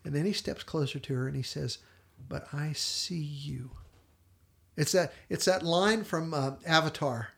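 A man with a gravelly edge to a fairly high voice, co-hosting a podcast. He retells a TV episode with lively energy, slipping into short quoted character voices. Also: a little fast, hardly any pauses. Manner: animated storyteller, quotes characters in brief voices, laughs often. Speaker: podcast co-host.

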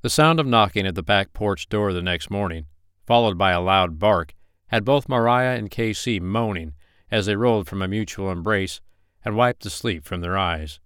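A man narrating a romance novel chapter in a steady, even reading. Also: fairly low pitch, moderate pace, clean tone, no room sound, studio quality. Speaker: audiobook narrator. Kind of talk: scripted narration.

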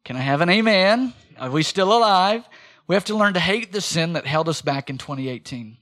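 High, bright-voiced preacher. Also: male voice, expressive, a little fast. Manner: emphatic, repeats key phrases, folksy asides. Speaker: pastor. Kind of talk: sermon. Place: church sanctuary.

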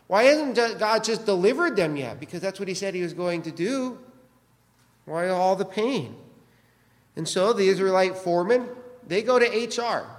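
A man's voice: high voice, big-room sound. A man preaching a sermon as pastor, pressing his listeners with many rhetorical questions.

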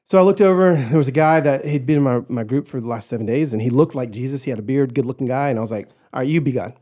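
A man guest on a podcast, telling a personal story in an animated way and acting out the voices of others. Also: medium pitch, very fast. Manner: animated, acts out quoted voices, shouts in retelling.

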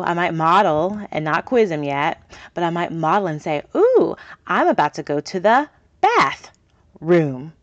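Her voice is on the low side, captured in a dry recording from a small home studio in a closet. She hosts a podcast teaching parents early reading skills, explaining things in a chatty, upbeat way and often checking in with "okay?"

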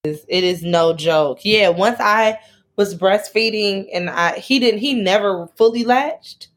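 A woman joins a relaxed conversation. She talks in an expressive, emphatic and playful way. Her voice sits at an ordinary middle pitch. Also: a little slow. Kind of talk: casual chat.

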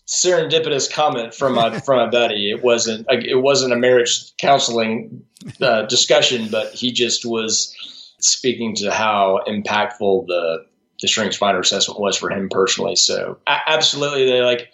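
A man's voice: mid-range voice, fairly bright tone. Man talking in a roomy, dull recording. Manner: thoughtful, speaks in restarts and asides. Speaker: strengths coach, podcast guest. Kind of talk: casual interview talk.

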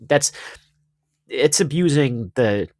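A man in his thirties co-hosting a podcast, chatting casually in a rambling, halting way and swearing often. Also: medium pitch, expressive, darkish tone, dry recording, studio quality. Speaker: podcast co-host. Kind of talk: casual chat.

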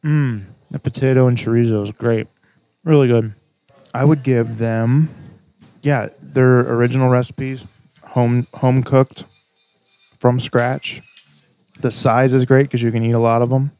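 A man's voice: mid-range voice, steady tone, a little slow, mellow. A man hosting a casual podcast, chatting in a playful, joking way. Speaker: podcast host. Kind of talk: casual chat.

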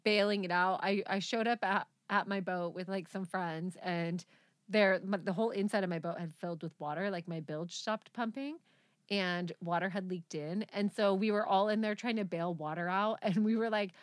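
A woman's voice: mid-range voice, steady tone, moderate pace, no room sound. Chatty woman, dry close sound. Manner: rambling storyteller, laughs often. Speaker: podcast co-host. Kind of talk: casual chat.

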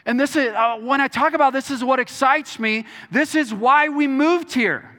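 Pastor from Texas, very high and bright voice, earnest, stumbling restarts, reverberant church hall. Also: male voice, normal speed. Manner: earnest, repeats words and restarts often. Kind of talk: sermon.

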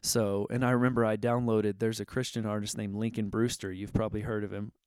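Smooth-voiced man telling a personal story. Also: lowish voice, little pitch movement, brisk, darkish tone, dry recording, studio quality. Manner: earnest, candid, conversational with fillers. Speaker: guitarist and worship leader.

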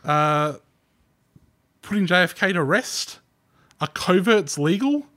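A man's voice: high-pitched, lively intonation, slow, bright, forceful tone. A man, co-hosting a podcast, reading book titles aloud with dry asides. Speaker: podcast co-host. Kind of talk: casual chat.

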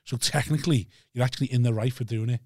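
A man chatting on a podcast, telling animated stories, laughing often and acting out the people in them. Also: mid-range voice, quick pace, husky, dry recording, clean studio sound. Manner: animated storyteller who laughs often and acts out the voices of people in his stories. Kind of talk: casual chat.

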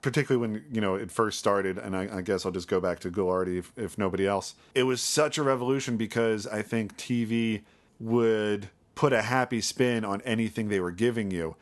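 A man's voice: lowish voice, brisk. A man co-hosting a podcast, chatting casually about old television with enthusiasm. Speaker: podcast co-host. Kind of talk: casual conversational chat.

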